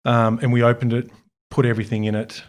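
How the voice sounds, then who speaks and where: A man from Bosnia and Herzegovina, a guest on an interview show, telling a casual, lively story with frequent laughter and informal, sometimes profane talk. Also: medium pitch, quick pace. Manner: animated, laughs often, acts out other people's lines. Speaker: interview guest, art supply store founder.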